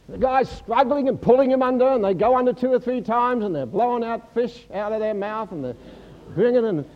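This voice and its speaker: Animated pastor preaching, high voice. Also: male voice, dull audio. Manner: animated, joking with the congregation, acting out quotes. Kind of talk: sermon.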